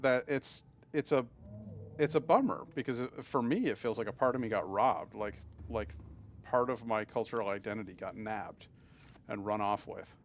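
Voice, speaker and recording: Slight background noise accompanies this man's lowish voice, delivered at a moderate pace. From Massachusetts, USA, he streams a game and talks casually with chat, responding to messages and frequently restarting and stumbling over his words.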